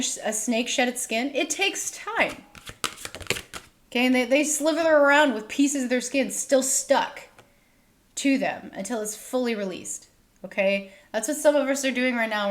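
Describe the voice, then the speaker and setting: A woman with a fairly high voice talks her viewers through a tarot reading. She sounds reassuring, keeps checking in with them, and sometimes voices their worried thoughts aloud. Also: a bit bright. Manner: reassuring, repeats "okay?" often, acts out listeners' worried thoughts. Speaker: tarot reader.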